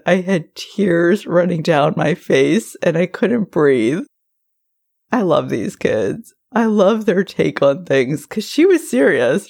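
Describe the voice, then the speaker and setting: A woman in her forties hosting a solo podcast, telling stories in a warm, chatty way. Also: deep voice. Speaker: podcast host. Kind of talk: casual solo podcast talk.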